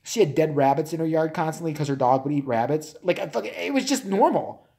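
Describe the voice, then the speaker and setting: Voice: medium pitch, animated, fast, warm tone. A host from Chicago chatting on a live stream, telling rambling stories off the cuff. The talk is loose and profane and is broken up by frequent laughter. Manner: rambling, laughs often, swears a lot. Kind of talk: casual live-stream chat.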